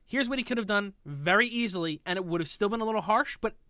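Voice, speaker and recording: A woman's voice: mid-range voice, expressive, fast, fairly bright tone, no room sound, studio quality. A woman streaming, reacting to a clip in a sarcastic, exasperated, mocking way. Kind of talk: casual reaction commentary.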